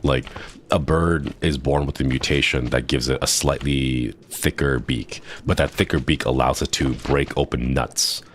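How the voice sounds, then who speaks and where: A man streaming a game, chatting casually and rambling into excited tangents. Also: extremely low pitch, moderate pace, slight background noise. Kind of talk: casual chat while gaming.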